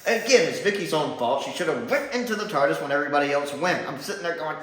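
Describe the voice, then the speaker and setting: Male reviewer, casual and rambling, slightly high voice, exasperated asides, heavy room echo. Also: animated, fast, noisy background. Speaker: TV show reviewer. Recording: very echoey room.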